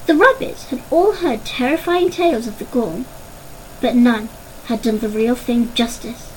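A woman narrating a children's storybook in an expressive, dramatic way. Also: a little high, unhurried, a little hiss or hum, poor audio.

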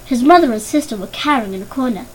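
A woman reads a story aloud with a high, clear voice. She narrates steadily and lifts her pitch for the characters' lines. A faint hum of room ambience sits behind her. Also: expressive, rapid-fire, low-quality recording. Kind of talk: audiobook narration.

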